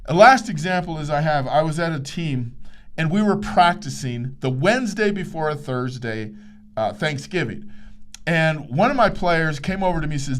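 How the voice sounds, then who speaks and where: A man's voice: fairly high pitch, normal speed. A man hosting a motivational podcast, telling a story and acting out the dialogue. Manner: animated, acts out quoted dialogue. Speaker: podcast host, sports psychologist.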